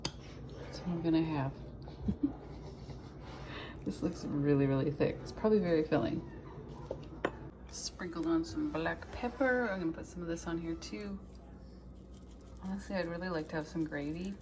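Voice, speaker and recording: Woman food vlogger, low-ish voice, chatty home kitchen narration, noisy phone audio. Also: normal speed, pauses often. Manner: chatty, rambling, matter-of-fact. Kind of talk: casual vlog narration. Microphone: phone held or propped nearby.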